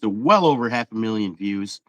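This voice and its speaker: A man's voice: fairly low pitch, expressive, fairly quick, fairly bright tone, no room sound. A man hosting a casual fishing interview, upbeat and loose with fillers. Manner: upbeat, reads stats with fillers. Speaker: interview host.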